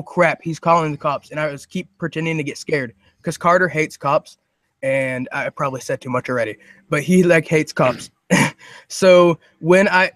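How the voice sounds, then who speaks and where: A young man, a guest prankster, telling his stories in a rambling, excitable way with lots of fillers. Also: a little high, no room sound, studio quality. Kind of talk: casual chat.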